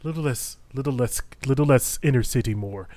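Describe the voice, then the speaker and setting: A man's voice: medium pitch, a little fast, a little mellow, no room sound. A man running a tabletop role-playing game as game master, reading out item rules and teasing the players. He laughs easily and slips playfully between narration and banter. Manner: giggly, teasing.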